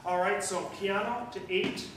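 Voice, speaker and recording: A man conducting a school wind band rehearsal. He gives brisk, direct instructions, praises quickly, and counts and scats rhythms aloud to demonstrate. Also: sits high, fairly even intonation. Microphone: far room mic. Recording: echoey rehearsal room from far off, noisy.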